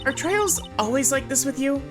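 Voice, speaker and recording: A woman voicing an earnest young female assistant in a bright questioning tone, over game music. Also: sits high, lively intonation, moderate pace, voice pushed up. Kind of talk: voicing a game character on a livestream. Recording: game music playing underneath.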